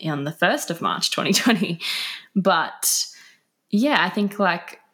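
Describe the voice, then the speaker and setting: A woman's voice: on the low side, lively intonation, slow pace, pushed and bright. A young woman, a podcast guest, talking in a casual, chatty way with lots of fillers. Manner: laughing, chatty storytelling with many fillers. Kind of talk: casual conversational interview.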